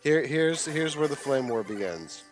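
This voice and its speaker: A young man streaming a game, chatting casually and quoting people in a lively raised voice. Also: mid-range voice, measured pace, faint music behind. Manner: animated storyteller, quotes others in raised voice. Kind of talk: casual chat while gaming live.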